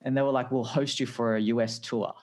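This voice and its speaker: A man's voice: mid-range voice, steady tone, a little fast, darkish tone. A man with an Australian accent telling his career story as a guest, chatty and acting out the lines of people he quotes. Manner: chatty, acts out quoted dialogue. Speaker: guest, design director. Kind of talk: casual storytelling.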